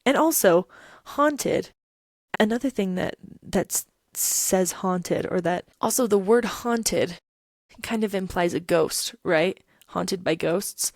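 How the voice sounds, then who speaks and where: A young woman with a lowish voice and plenty of vocal fry talks through her ideas in a casual, emphatic podcast style. She keeps checking in with rhetorical questions as she argues her case. The sound is close and dry. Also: animated, takes it slowly, a little mellow, no room sound. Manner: emphatic, rhetorical, keeps asking "right?" and "okay?". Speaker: podcast host. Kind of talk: casual commentary on song lyrics.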